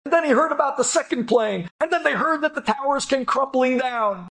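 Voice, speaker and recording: A man's voice: extremely high pitch, fairly quick. A man telling an inspirational story with animation, acting out each voice. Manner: animated, acts out every voice. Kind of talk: storytelling talk.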